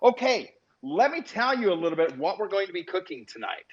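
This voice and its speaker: A man's voice: sits high, big pitch swings, fairly quick, very noisy. A man hosting a live stream in casual chat, talking to his viewers in an emotional, chatty way. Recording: dull lo-fi stream audio.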